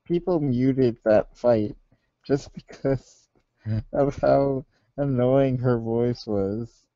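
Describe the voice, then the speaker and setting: A man in casual podcast chat who says things twice for emphasis. His voice is very dark and mellow. The recording is dry and slightly dull. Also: mid-range voice, drawn-out words, no room sound. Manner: repeats himself for emphasis, laughs mid-sentence. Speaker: podcast co-host.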